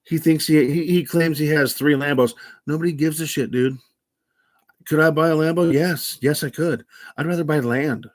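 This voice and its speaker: A man's voice: a little high, fairly even intonation, moderate pace. Older guy on his livestream, blunt, swears a lot, goes off on rants. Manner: blunt, profane, ranting. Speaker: livestream host. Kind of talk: casual livestream chat.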